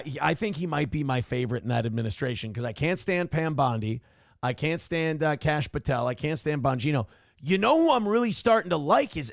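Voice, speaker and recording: A man hosting a livestream show, giving loud, mocking commentary on news clips and reading from the chat. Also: fairly high pitch, gravelly, dry recording, clean studio sound. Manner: loud, mocking, swings into shouted impressions. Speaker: show host.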